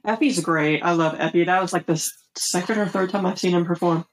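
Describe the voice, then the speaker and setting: Blunt lower-voiced woman co-host. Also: fairly even intonation, fairly quick, slight background noise, rough recording. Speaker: podcast co-host. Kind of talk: casual chat recapping wrestling shows.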